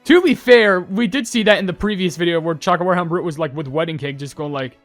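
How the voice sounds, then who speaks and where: A young man doing casual commentary as a YouTuber, rambling and correcting himself with excitable asides. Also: sits high, quick pace, soft background music. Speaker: YouTuber reacting to game updates.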